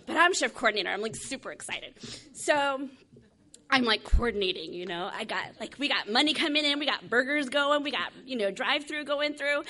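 A woman telling a funny personal story, animated and acting out the other people's voices. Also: high-pitched, moderate pace. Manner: animated, acts out voices, laughs while telling. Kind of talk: comic storytelling.

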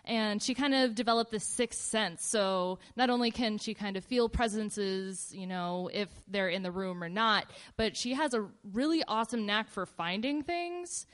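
A woman casually telling a personal story in a relaxed, meandering way, with fillers and pauses. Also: medium pitch.

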